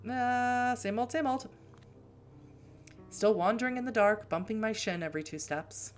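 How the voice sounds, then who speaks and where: A woman's voice: fairly high pitch, moderate pace, soft background music, pitched above the performer's own voice, natural voice. A woman voicing a sardonic young female vampire outcast with a wry, sarcastic manner.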